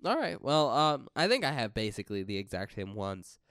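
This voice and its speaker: A man co-hosting a horror film podcast, talking in a measured, explanatory way and steering the segments. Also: mid-range voice, very animated, fairly bright tone, no room sound, clean studio sound. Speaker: podcast co-host. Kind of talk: casual chat.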